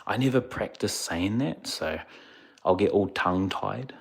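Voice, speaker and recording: A laid-back male streamer, chatting casually with viewers. His voice sits very low, and he rambles a bit, sounding a little sleepy. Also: a little slow, gravelly, husky. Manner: laid-back, rambling, answers chat questions. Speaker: livestreamer. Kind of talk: casual live-stream chat.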